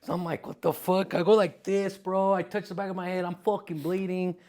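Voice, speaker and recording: A man with a slightly raised pitch spins rowdy, foul-mouthed stories on a comedy podcast. He talks in an animated way, swearing constantly and breaking into laughs. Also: a little fast, a little hiss or hum. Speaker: podcast co-host. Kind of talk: crude comedic storytelling.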